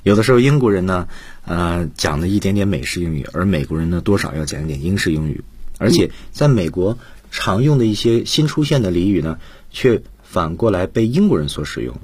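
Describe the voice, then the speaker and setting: A man teaching English on a radio lesson, explaining points in a calm, explanatory way. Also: low voice, a little fast, slightly rough, no echo. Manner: explanatory, switches between Chinese and English.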